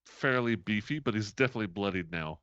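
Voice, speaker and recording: A man with a low, very lively voice runs a tabletop game as game master. He narrates attacks and counts out moves with bursts of laughter. The sound is dry and a little dull. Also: quick pace, no echo.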